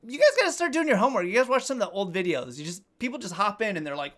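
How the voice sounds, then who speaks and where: Male streamer in his thirties, slightly high pitch, loose jokey chat with viewers. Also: sing-song, racing, few pauses, a bit bright. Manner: joking, self-deprecating, swears casually. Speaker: livestream host. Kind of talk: casual live-stream chat reading comments.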